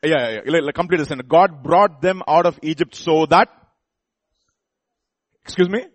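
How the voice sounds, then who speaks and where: A man delivering a sermon in a fairly high voice, talking to the congregation as if chatting with them. He keeps asking them questions and often restarts and repeats his words. The sound is dry and close, with little room echo. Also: normal speed. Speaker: preacher.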